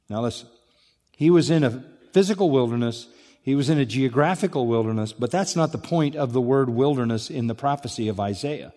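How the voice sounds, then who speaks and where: A man's voice: a little high, lively intonation, normal speed, darkish tone, in a large hall. A man preaching an expository sermon, emphatic, rising on rhetorical questions and dropping to near-whispers.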